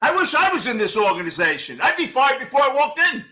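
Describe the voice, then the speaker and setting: A sixty-something man with a New York accent rants through a postgame show, blunt and profane, breaking into shouts. His voice sits high for a man and has a bright, sharp edge. He answers viewers by name between complaints. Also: big pitch swings, quick pace. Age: 60s. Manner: blunt, loud and swearing, often shouting. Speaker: host of a fan postgame show.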